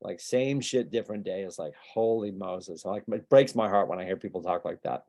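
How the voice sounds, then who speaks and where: A man's voice: deep voice, vocal fry, mellow. A man coaching a room of agents in a motivational training talk, talking casually and firing off rhetorical questions. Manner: conversational, rapid-fire rhetorical questions. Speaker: business coach.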